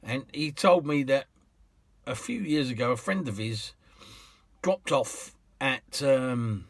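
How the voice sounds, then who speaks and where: Chatty British cab driver telling stories. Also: male voice, medium pitch, expressive, slow pace, gravelly, dry recording. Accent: British English. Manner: chatty, rambling, with restarts and laughs. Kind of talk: casual anecdote storytelling.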